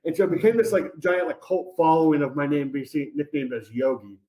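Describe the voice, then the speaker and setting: A man chatting as a podcast guest, telling stories in an energetic, upbeat way with lots of fillers. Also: fairly high pitch, brisk. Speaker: podcast guest, college advisor. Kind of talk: casual interview chat. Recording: roomy echoey sound.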